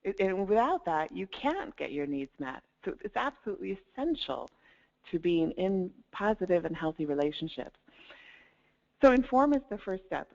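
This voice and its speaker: A woman's voice: lowish voice, very animated, normal speed, vocal fry, darkish tone. A woman coach giving a webinar talk, upbeat, laughing lightly between points and demonstrating tones of voice. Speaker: life coach presenting a webinar. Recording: dull lo-fi webinar audio.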